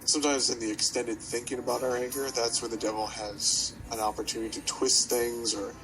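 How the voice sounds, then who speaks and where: A priest co-hosting a casual podcast speaks with a medium-pitched, level voice at a brisk pace in a rough recording, with music clearly playing behind. Easygoing and reflective, he thinks aloud with lots of fillers.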